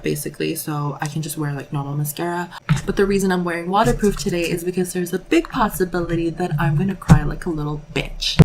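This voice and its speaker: A woman's voice: fairly low pitch, vocal fry, a little hiss or hum, poor audio. A young woman chatting candidly through a makeup vlog, rambling and peppering her talk with "like". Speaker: beauty vlogger. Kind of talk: casual makeup vlog chat.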